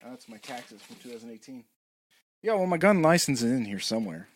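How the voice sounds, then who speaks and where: A man's voice: medium pitch, very animated, brisk. A man in his thirties from New England hosting a casual solo podcast from a room at home, rambling and chatty with self-deprecating asides. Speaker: podcast host.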